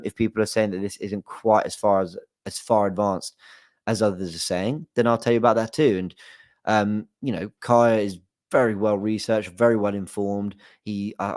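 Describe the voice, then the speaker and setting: A young man hosts a football fan show in a low voice, chatting loosely and filling pauses with ums and you-knows. The sound is dry and close, with no room echo. He hedges often and talks straight to his viewers. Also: a little mellow. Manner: chatty, hedging, many fillers. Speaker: football fan channel host. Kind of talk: casual chat to camera.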